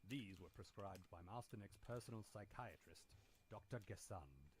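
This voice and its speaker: A man's voice: lowish voice, expressive, moderate pace, slight background noise, natural voice. An actor playing a dutiful, formal male butler in a video game, speaking in proper, elaborate phrasing. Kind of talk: game character voice acting.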